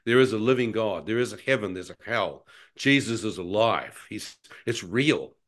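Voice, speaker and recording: A man's voice: fairly low pitch, lively intonation, moderate pace, fairly bright tone. New Zealand man telling his testimony. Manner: emphatic storyteller with frequent stammered restarts. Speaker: guest. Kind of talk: personal testimony in an interview.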